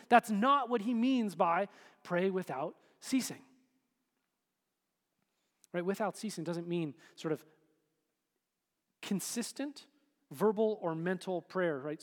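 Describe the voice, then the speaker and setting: High-voiced casual preacher in a hall. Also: male voice. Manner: casual, conversational preaching with many fillers. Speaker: pastor. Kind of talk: sermon. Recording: hall reverb.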